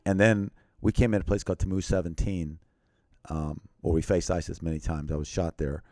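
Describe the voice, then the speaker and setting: A man earnestly telling a personal story as an interview guest, often dropping to a quiet, grave tone. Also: deep voice, steady tone, a little fast, no echo, clean studio sound.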